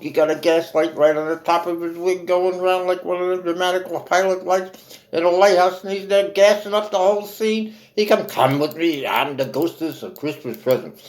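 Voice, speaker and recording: Man, storyteller, jive slang, dramatic, slightly high voice. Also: poor audio. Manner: hip slang, lively and dramatic.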